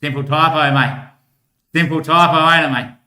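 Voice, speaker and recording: A man's voice: a little high, steady tone, moderate pace, pushed and bright. A man talking in a long rambling monologue, laughing between thoughts. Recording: echoey room.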